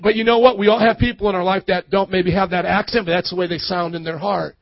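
A male pastor giving a sermon, talking conversationally and building up to loud preaching. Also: sits high, fairly even intonation, quick pace, vocal fry, few pauses, no room sound, muffled recording.

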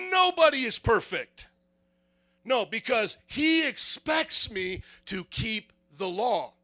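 A man's voice: very high-pitched, sharp tone. A man preaching a sermon, firing rhetorical questions and acting out little dialogues.

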